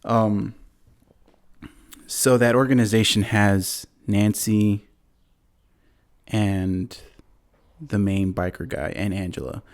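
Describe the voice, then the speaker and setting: A man's voice: on the low side, steady tone, slow pace, pauses often. A man hosting a podcast, casually retelling a movie plot in a rambling way, full of fillers and acted-out quotes. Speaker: podcast host.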